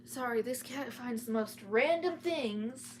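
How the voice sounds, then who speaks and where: A woman reads a serial thriller aloud in a casual storytime way. Her voice sits a little high and she trips over words and restarts often. She talks from home with her cats around. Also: a little slow, slight background noise. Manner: reads with frequent restarts and chatty asides.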